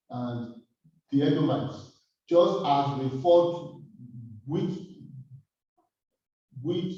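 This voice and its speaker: A man leads a Bible study in a church room, speaking slowly and hesitantly, often restarting his sentences. His voice is mellow and dark. It comes from far off the mic in a very echoey room, and the sound is dull. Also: mid-range voice. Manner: hesitant, with many fillers and restarts. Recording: distant echoey muffled room recording.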